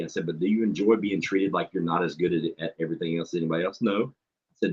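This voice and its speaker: A man's voice: low voice, breathy edge. A man, a substitute teacher telling a story in blunt, profane casual chat. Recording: dull lo-fi stream audio.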